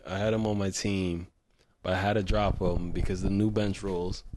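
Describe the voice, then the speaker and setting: A man with a fairly low voice talks loosely and casually, full of "um" and "like." He co-hosts a relaxed podcast conversation. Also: moderate pace. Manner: frustrated rambling, frequent fillers. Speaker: podcast co-host. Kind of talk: casual fantasy football chat.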